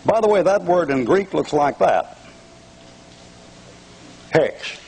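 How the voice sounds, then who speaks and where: A man's voice: a little high, animated, takes it slowly, a little mellow, husky, low-quality recording. An older man preaching a televised fire-and-brimstone sermon, mocking and taunting his audience with bursts of laughter.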